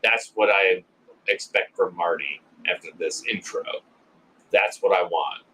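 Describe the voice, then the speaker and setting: A man's voice: low voice, a little slow, sharp tone, slightly rough, poor audio. A man co-hosting a casual podcast, joking crudely about a slasher movie and often acting out characters' lines. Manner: joking, laughs often, acts out quoted lines. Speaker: podcast co-host.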